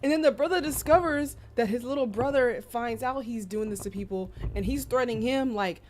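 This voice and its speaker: This streamer has a high voice and talks a little fast, barely pausing. She's casually telling stories to her live audience in a lively, slangy style, with loud cries of disbelief.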